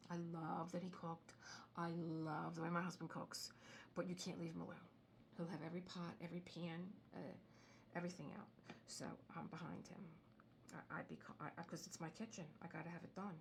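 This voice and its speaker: A middle-aged woman rambling casually as she crafts, drifting into soft muttering now and then. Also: lowish voice, vocal fry, background noise. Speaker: craft video host. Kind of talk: casual chat while crafting.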